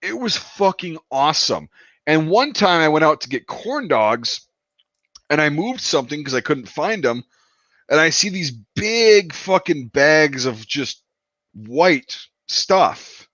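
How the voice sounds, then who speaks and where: A man's voice: on the high side, big pitch swings, slow pace, fairly bright tone, no echo. Profane rambling male storyteller. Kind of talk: casual storytelling. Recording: dull, dry lo-fi sound.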